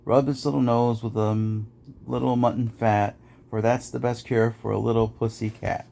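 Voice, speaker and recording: A man's voice: mid-range voice, flat delivery, normal speed, creaky, warm tone. A man reading nursery rhymes aloud in a rhythmic, sing-song way, as host of a podcast.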